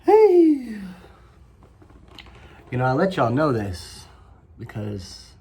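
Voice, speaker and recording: A man's voice: medium pitch, big pitch swings, unhurried, gravelly, slightly rough. A man hosting his own review vlog, talking loosely to the camera, swearing freely, rambling and laughing often. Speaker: snuff reviewer, channel host.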